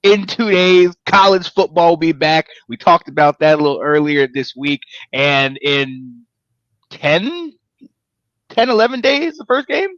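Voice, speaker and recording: A man hosts a casual sports show in a bright, somewhat high voice. He rambles with energy, stacking one thought on the next. The sound is dry and a little dull. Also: a little slow, no echo. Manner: energetic, rambling, pitch jumps when excited. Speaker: podcast host.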